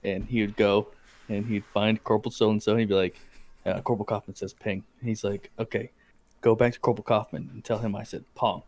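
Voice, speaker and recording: A man who is a podcast guest and veteran, telling a barracks prank story in a relaxed, laughing way. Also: fairly low pitch, a little fast. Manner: laid-back, chimes in, laughs while telling stories. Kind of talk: casual storytelling chat.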